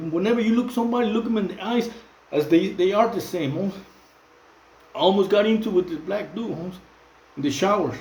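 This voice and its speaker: Middle-aged Mexican man, fairly high voice, halting slang-heavy phone monologue. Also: darkish tone, reverberant, rough recording. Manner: repetitive, many fillers and restarts, street slang. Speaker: channel host. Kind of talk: casual monologue to camera.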